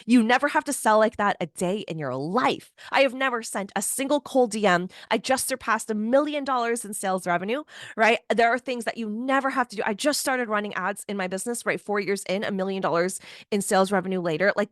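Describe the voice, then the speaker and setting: A woman business coach talking in a casual, animated motivational monologue, often asking "right?". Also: mid-range voice, no room sound, clean studio sound. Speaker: business coach and podcast host.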